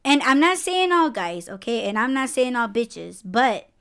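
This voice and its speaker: A woman's voice: on the high side, very animated, normal speed, a bit bright, smooth. A woman hosting a casual podcast conversation. She rants bluntly, swears a lot and breaks into emphatic, rising outbursts. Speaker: podcast host.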